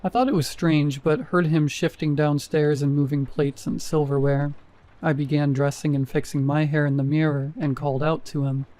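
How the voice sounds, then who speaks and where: A man reading a first-person horror story as scripted narration, in a steady, measured way. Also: fairly high pitch, rough recording.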